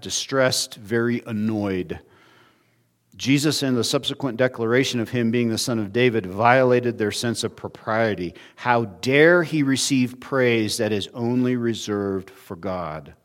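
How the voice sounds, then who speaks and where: A man preaching an expository sermon, earnest, his voice rising and quickening when he acts out quoted speakers. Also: mid-range voice. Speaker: pastor.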